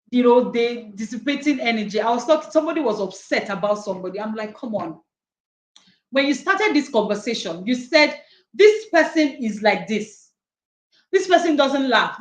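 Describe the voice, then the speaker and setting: A woman's voice: sits high, reverberant, rough recording. A middle-aged woman coaching a study group on Proverbs, acting out quoted voices and laughing often. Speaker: coach leading a daily wisdom study. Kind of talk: teaching talk on Proverbs.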